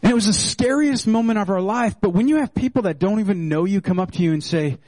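A middle-aged male pastor preaching a sermon in an animated, joking manner. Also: fast talker, no echo, low-quality recording. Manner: animated and joking, with wide swings in pitch.

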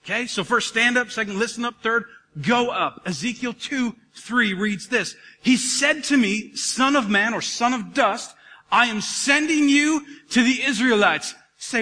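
A man in his thirties preaching a sermon to a congregation, animated and calling out to the crowd. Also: extremely high pitch, moderate pace, breathy edge. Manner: animated, calls out to congregation, acts out dialogue. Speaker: pastor. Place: church hall. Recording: live hall recording with reverb.

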